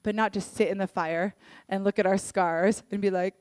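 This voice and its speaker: Young woman, church worship leader, sermon told through candid personal stories; clear, smooth voice; dry recording. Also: medium pitch, moderate pace, no echo. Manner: earnest, candid storytelling with lively acted-out quotes.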